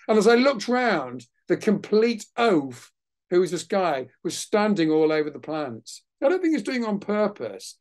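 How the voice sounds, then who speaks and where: A man, a naturalist guest on a webinar, telling a lively anecdote over a video call and acting out other people's voices. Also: fairly high pitch. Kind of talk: anecdotal storytelling in a webinar interview.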